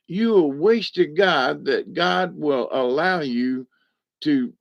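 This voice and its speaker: Man, gravelly, folksy rambling storyteller on a dull lo-fi recording. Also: medium pitch, expressive, a little slow. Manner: folksy, rambling, chuckles often. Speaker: vlogger. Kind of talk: casual storytelling monologue.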